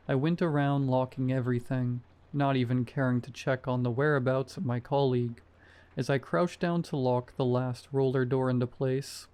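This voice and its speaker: A man reading a scary story aloud in a calm, measured narration style. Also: medium pitch. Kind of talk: scripted narration.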